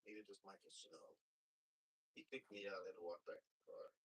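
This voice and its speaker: An actor playing a blunt, skeptical police detective in a TV crime drama, speaking in curt, short questions. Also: male voice, low-pitched, flat delivery, moderate pace, breathy edge. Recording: slightly distant TV soundtrack audio.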